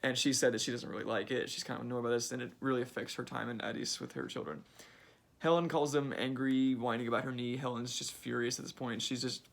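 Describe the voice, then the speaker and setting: A man's voice: mid-range voice, steady tone, fast talker, vocal fry. A young man giving a casual summary of a book he read, chatty and full of fillers like "like" and "uh".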